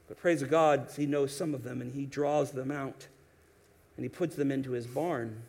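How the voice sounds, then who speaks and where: A man preaching a sermon, animated, acting out quoted voices, often restarting his sentences. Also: mid-range voice, normal speed, breathy edge. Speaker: pastor.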